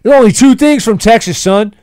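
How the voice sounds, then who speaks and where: A man's voice: extremely high pitch, a little fast, darkish tone, no room sound, pitched above the performer's own voice. A man doing an impression of a barking, insulting male drill sergeant.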